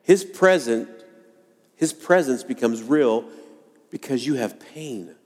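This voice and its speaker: A man preaching a sermon to a congregation, earnest and dramatic, acting out quoted lines with pauses. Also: medium pitch, lively intonation, a little mellow. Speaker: pastor. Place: church sanctuary. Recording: long hall reverb.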